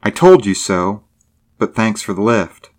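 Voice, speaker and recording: A man voicing a headstrong young woman who speaks in a brisk, curt, commanding way. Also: fairly low pitch, sing-song. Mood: scornful.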